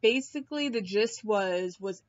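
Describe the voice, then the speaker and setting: A woman's voice: mid-range voice, lively intonation, unhurried. A woman in a casual, rambling chat to her viewers, filmed on a laptop mic at home, swearing and laughing often. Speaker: vlogger. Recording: dull lo-fi laptop audio.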